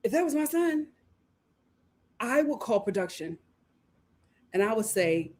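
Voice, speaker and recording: A woman hosting a casual livestream, reading viewer comments aloud, animated and laughing often as she talks. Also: a little high, measured pace, pauses often. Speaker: host of a reality TV review livestream.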